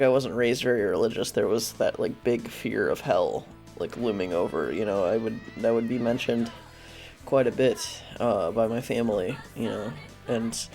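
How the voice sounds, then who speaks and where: A man's voice: mid-range voice, a little mellow. A young man casually telling a personal story, rambling with frequent restarts and fillers and swearing now and then. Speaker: vlogger.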